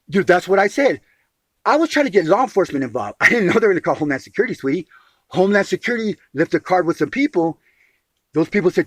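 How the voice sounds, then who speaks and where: A man with a high, sing-song voice talks at a quick pace, with no echo. He's a caller on an agitated phone call airing a long grievance, emphatic, restarting and repeating phrases and calling the listener sweetie.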